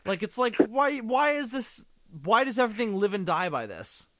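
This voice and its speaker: A man's voice: sits high, sing-song, normal speed, a bit bright, no echo, studio quality. A man giving casual, sarcastic commentary on a movie, swearing often.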